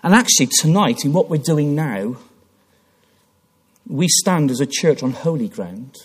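Husky, animated preacher. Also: male voice, a little high, a little slow. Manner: impassioned storytelling with repeated restarts. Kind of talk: sermon. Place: church.

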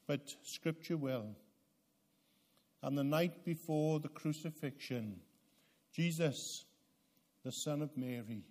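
A man preaching a sermon, swinging from loud emphatic peaks down to low, quiet passages with dramatic pauses. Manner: slow, deliberate delivery with dramatic pauses.

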